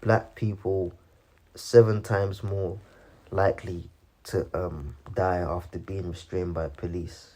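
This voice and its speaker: A man giving casual religious commentary, halting with many restarts and filling every pause with "man" and "you know". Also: low-pitched, steady tone, dark tone, a little hiss or hum.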